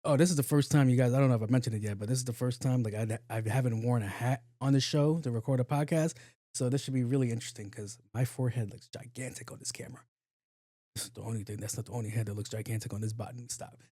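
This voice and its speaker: A man talks alone on his podcast and tells a work story, slipping into little voices for the people he quotes. His voice is mellow and relaxed. The sound is dry and close, with almost no room around it. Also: mid-range voice, quick pace, no echo. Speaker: podcast host. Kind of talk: casual solo podcast monologue. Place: home studio, on camera.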